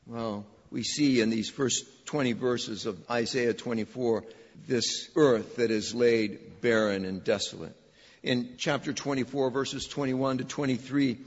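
A man's voice: medium pitch, steady tone, slow pace. A man preaching a sermon from the pulpit, emphatic and repetitive for emphasis, with touches of dry humor. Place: church sanctuary. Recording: dull echoey church recording.

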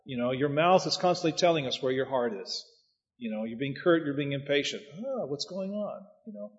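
A man's voice: medium pitch, expressive, fairly quick. A man preaching as a pastor, folksy and anecdotal, with chuckling asides. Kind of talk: preaching talk. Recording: muffled sound with long hall reverb.

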